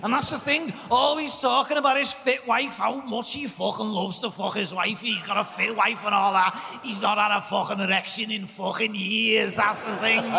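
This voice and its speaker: Guy doing a screechy sweary wife ranting, bright harsh voice, live in a big echoey hall. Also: high voice, fairly even intonation, normal speed, vocal fry, few pauses, a little hiss or hum, pitched above the performer's own voice, exaggerated voice. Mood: ranting scornful. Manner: sweary shouting rant. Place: live podcast show in a hall. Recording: live stage recording with hall reverb.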